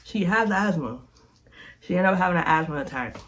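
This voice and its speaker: A woman's voice: on the low side, a little fast. Chatty young woman telling a story. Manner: animated, chatty, addresses viewers directly. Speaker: vlogger. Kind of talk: casual storytime.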